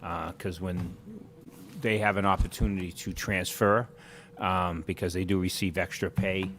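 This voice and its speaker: A man answering questions at a school meeting, halting and hesitant, with many ums. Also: low-pitched, flat delivery, a bit bright.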